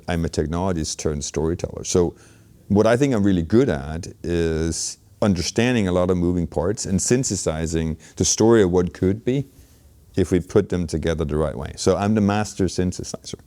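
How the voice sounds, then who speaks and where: A man's voice: low voice, mellow. A middle-aged man giving reflective interview answers as a guest, thoughtful and full of "you know" fillers and restarts. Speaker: interview guest, healthcare innovation leader.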